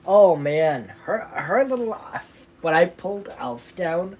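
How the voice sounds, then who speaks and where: Slow rambling man, lo-fi home vlog. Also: high-pitched, very animated, darkish tone, breathy edge. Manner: rambling, halting, with many fillers and restarts. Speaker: vlogger. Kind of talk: casual chat. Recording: dull lo-fi sound with faint noise.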